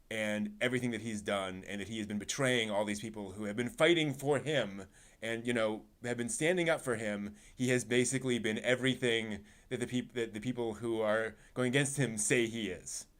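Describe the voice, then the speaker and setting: A man hosting a casual anime discussion podcast, retelling a scene with lots of fillers and acting out the characters' lines. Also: mid-range voice. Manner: animated storyteller, acts out quotes. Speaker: podcast host.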